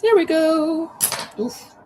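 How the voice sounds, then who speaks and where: A woman's voice: very high-pitched, lively intonation, slow pace, noisy background. A woman hosting a crochet livestream on a terrace, chatting casually and reading viewer comments aloud as she works. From Norway. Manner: chatty, reads viewer comments aloud, thinks out loud while working. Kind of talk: casual live chat while crocheting. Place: outdoor terrace.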